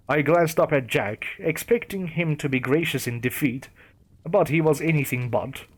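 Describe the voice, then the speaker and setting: A man's voice: a little high, normal speed. Man narrating a horror story.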